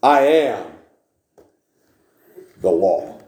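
A man's voice: fairly low pitch, expressive, drawn-out words, a little mellow. A man preaching a sermon, reading scripture aloud and repeating key phrases with emphasis. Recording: echoey room.

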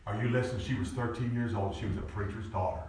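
A man in his forties preaching a sermon. He talks in a lively way and climbs to shouts at the peaks. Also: on the low side, fast, far from the mic, slight background noise. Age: 40s. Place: church sanctuary. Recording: echoey room, voice from off-mic.

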